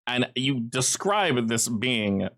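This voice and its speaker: A man's voice: mid-range voice, very animated, slow, a bit bright. A man running a tabletop role-playing game as game master, narrating casually with fillers.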